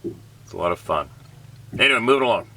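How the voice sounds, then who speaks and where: A man's voice: lowish voice, animated, fairly quick, gravelly, sharp tone. A man who hosts a hunting channel, telling stories in a casual, joking way and laughing often, tired and sunburnt. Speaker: host, hunting guide. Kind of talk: casual storytelling to camera. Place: in his boat on the water.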